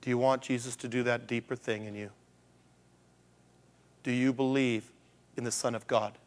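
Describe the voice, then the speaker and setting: A man's voice: medium pitch, level tone, normal speed. A male pastor preaching a conversational sermon, asking rhetorical questions and acting out the voices of the people he quotes.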